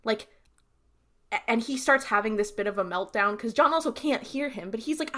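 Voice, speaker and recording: Animated woman recapping a show. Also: a little high, moderate pace. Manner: animated, acts out characters' lines while recapping. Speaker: podcast co-host. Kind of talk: casual recap chat.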